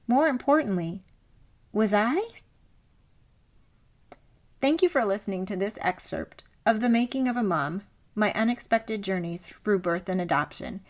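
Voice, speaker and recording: A woman author reading her own memoir aloud, in a measured, reflective style of scripted narration. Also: mid-range voice, animated.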